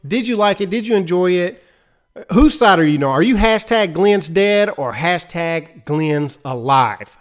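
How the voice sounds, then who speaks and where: A young man talking casually to camera in a lively, chatty recap, laughing easily and acting out quotes. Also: high voice, unhurried. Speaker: show recap vlogger.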